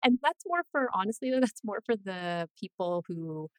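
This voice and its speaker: A woman career coach chatting as an interview guest, animated and full of quick asides. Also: mid-range voice, dry recording. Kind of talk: casual interview chat.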